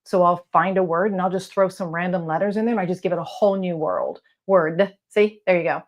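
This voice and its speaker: A woman talking casually to camera from her office as a coach, blunt and encouraging, with some letters not said crisply. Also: fairly low pitch, lively intonation, fairly quick. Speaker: real estate video coach. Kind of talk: casual advice talk to camera. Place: home office lit by lamps.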